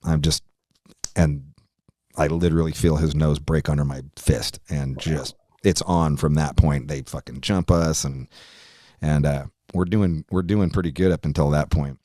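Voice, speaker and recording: Deep-voiced man telling a rowdy story. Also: steady tone, a little slow, mellow, no echo, studio quality. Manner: profane, rambling, laughs while telling. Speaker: podcast guest, musician. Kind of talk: casual storytelling anecdote.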